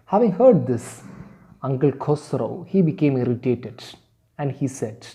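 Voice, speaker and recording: Slow-paced male teacher explaining a story. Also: medium pitch, animated, mellow. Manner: slow, explanatory, with hesitant fillers. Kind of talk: online class lesson.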